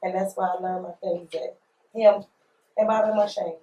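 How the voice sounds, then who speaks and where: A woman's voice: mid-range voice, steady tone, normal speed, warm tone. Blunt New woman rapper, roomy sound. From New Orleans, USA. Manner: emphatic, repeats phrases, slangy and blunt. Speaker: rapper being interviewed. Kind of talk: candid interview storytelling. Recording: roomy echo.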